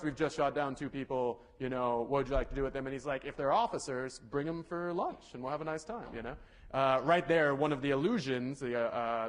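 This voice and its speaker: A young male lecturer with a fairly high voice talks through a university class in a loose, rambling way. He corrects himself often, fills pauses with ums and uhs, and tosses joking asides to the students. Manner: casual, rambling, self-correcting with many fillers. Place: lecture hall.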